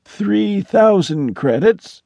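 A man voicing a polite, cheerful blue-skinned alien gentleman in an audiobook, speaking with mild, precise courtesy. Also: high-pitched, animated, slow pace, gravelly, no room sound, lo-fi sound, voice pushed up, exaggerated voice. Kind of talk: audiobook character voice.

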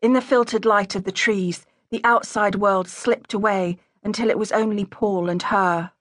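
Woman audiobook narrator, mid-pitched, smooth and even, dry studio sound. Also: normal speed, no echo. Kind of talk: scripted narration. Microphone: close studio mic. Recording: dry close-miked studio.

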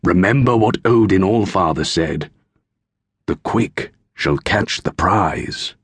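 Casting: a man doing an urgent, cryptic hooded stranger in a storybook, husky, measured. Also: low-pitched, expressive, dry recording, exaggerated voice. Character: mysterious giant cloaked man, urgent.

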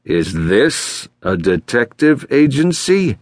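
A man voicing a gruff, nervous middle-aged male client who talks in a brusque, impatient way, in an audiobook. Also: on the low side, animated, slow pace, no room sound. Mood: scornful. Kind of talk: audiobook character voice.

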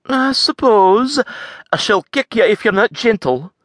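A man's voice: sits high, lively intonation, a little slow, fairly bright tone, dry recording, pitched above the performer's own voice, full character voice. A prickly young Scottish lass from an audiobook, voiced by a man raising his voice well up. She sounds lifted and a touch strange in timbre, with a wary, critical bite. The recording is close and dry. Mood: teasing. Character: sharp-tongued young Scottish woman weaver.

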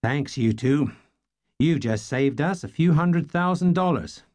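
A man reading the part of a relaxed, friendly male film star with an Australian Californian drawl. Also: on the high side, measured pace, dry recording, voice pushed up. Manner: easygoing drawl.

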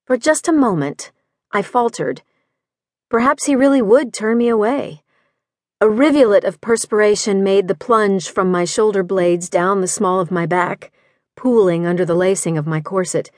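A woman narrating a historical novel in the first person, in a measured, clear literary reading on a studio microphone. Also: medium pitch, lively intonation, no room sound. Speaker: audiobook narrator.

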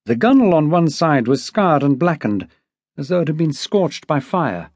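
A man reading an unabridged novel as an audiobook narrator, lifting his voice higher and louder for characters' speech. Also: very animated, moderate pace, no room sound, clean studio sound. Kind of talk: scripted narration.

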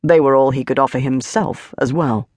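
A woman narrating an epic fantasy audiobook, steady and measured. The sound is dry and close to the mic, with no room around it. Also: very deep voice, dry recording.

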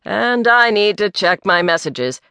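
A calm, easygoing young man who smooths things over, read by a woman narrator. The tone is bright and even, recorded dry and close. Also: medium pitch, measured pace, no echo. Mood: easy. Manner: calm and peacemaking.

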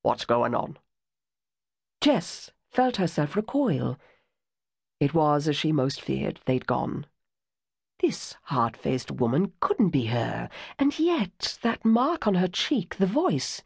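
A woman narrating an audiobook on a close studio mic. Her somewhat low voice moves expressively through the reading. The sound is dry with no room echo. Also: sing-song, slow pace, vocal fry, husky. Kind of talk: scripted narration.

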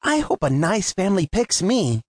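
A man's voice: high voice, big pitch swings, normal speed, dry recording, pitched above the performer's own voice. A man voicing a small, hopeful young male tree who talks in an earnest, wistful way. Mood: eager.

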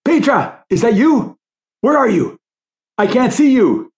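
A man voicing a panicked injured man who screams for help in a high, desperate voice. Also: fairly even intonation, unhurried, darkish tone, natural voice. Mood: panicked shouting.

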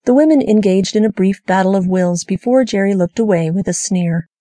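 A woman audiobook narrator reading crime fiction in a steady, even scripted narration. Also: mid-range voice, a little fast, no echo, studio quality.

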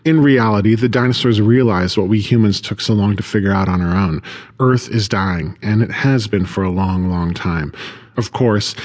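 A man reading first-person audiobook narration in a steady, measured way. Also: lowish voice.

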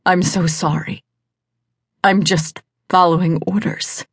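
Woman narrator doing a remorseful male swordsman, low and anguished, slow apology. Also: fairly even intonation, breathy edge, no echo, studio quality, exaggerated voice. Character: remorseful male warrior betraying his friend. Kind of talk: audiobook character voice.

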